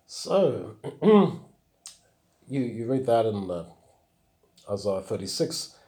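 A man's voice: lowish voice, very animated, slow, mellow. A man, teaching the Bible verse by verse, reading passages aloud and then explaining them. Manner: explanatory, reads scripture aloud then comments.

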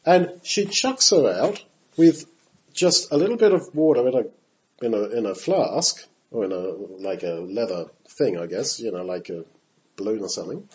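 Lively man teaching from the Bible. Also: on the low side, normal speed, rough recording. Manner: animated, acts out quotes with shifting voice, talks to his audience directly. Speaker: preacher.

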